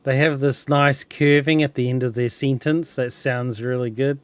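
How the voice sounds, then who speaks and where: A man's voice: medium pitch, fairly even intonation, normal speed, clean tone, no echo. A young man chatting casually over a game, rambling, chuckling often and restarting words. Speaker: gameplay streamer. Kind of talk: casual gameplay chat.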